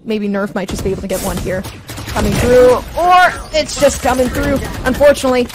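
A woman's voice: on the high side, fairly quick, low-quality recording. A woman casting an esports match live, often stammering and repeating her words. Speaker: esports caster. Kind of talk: live play-by-play commentary. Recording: clear background noise.

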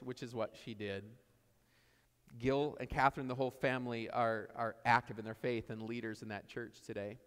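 A man's voice: medium pitch, fairly bright tone. Man preaching in a reverberant church. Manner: conversational storytelling, repeats key phrases. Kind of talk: sermon. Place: church sanctuary.

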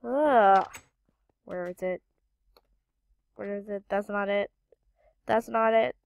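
Slow, gravelly-voiced woman gaming commentator. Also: mid-range voice. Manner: muttering to self while searching, frequent exclamations. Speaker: gaming channel host. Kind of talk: casual gameplay commentary.

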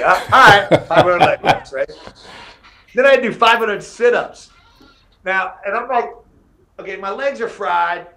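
A middle-aged man with a drawl tells old fight stories as a podcast guest. His voice sits slightly high, and he acts out each quote with gusto, cursing casually along the way. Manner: animated storyteller who acts out quotes, swears casually. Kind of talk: casual storytelling interview.

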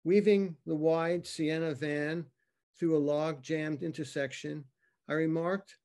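A man reads his narrative poem over a video call. His voice sits high for a man, and he takes it slowly, drawing out each line with dramatic weight. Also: a little mellow. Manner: slow, dramatic reading with acted dialogue. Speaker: poet reading his work. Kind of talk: poetry reading.

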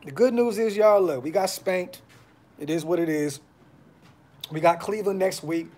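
A man's voice: sits high, moderate pace, a little mellow. A man hosting a fan podcast, talking casually on a live stream with frustration, blunt slang and lots of repeats. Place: brother's house.

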